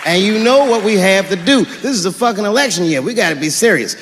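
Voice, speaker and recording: A male stand-up comic with a fairly high, gravelly voice delivers deadpan, profane bits and stretches his punchlines. He plays to a big echoey hall, and a crowd murmurs and laughs behind him. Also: fast talker, hardly any pauses, background noise. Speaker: stand-up comedian. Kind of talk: stand-up comedy set. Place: stage in a large hall before a live audience. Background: audience laughter and murmur.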